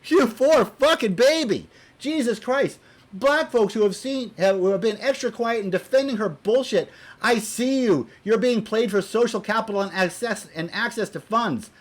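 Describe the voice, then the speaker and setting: A man with a notably high-pitched voice delivers a heated, profanity-laced rant to his viewers. He sounds exasperated, stumbles and repeats phrases as he gets worked up, and lurches between loud outbursts and quieter muttered asides. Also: moderate pace. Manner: profane, exasperated, repeats himself when angry. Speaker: video blogger. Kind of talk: heated opinion rant to camera.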